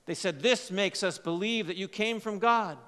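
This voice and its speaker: A man preaching a sermon, swinging between loud emphatic lines and quiet, low asides. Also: normal speed. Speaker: pastor. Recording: long hall reverb.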